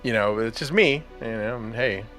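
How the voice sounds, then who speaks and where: A man's voice: medium pitch, moderate pace, fairly bright tone, soft background music. A man hosting a podcast in casual chat, enthusiastic and laughing often as he talks. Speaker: podcast host.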